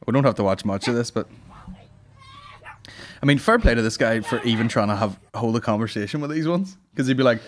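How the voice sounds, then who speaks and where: A man's voice: medium pitch, quick pace, slight background noise. A young Northern Irish man hosting a podcast, telling crude jokes in a sweary, giggly, storytelling way. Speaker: podcast host. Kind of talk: crude comedic banter.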